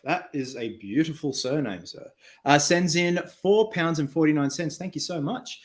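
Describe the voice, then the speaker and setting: A man's voice: a little high, unhurried. An Australian man hosting a casual livestream, chatting loosely and thanking viewers for donations while crafting. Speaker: cosplay livestream host. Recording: echoey room.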